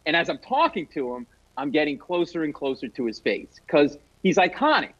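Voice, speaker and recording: Animated comic storyteller man, higher voice. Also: brisk, highs cut off. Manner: animated, self-mocking storyteller. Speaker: guest comedian.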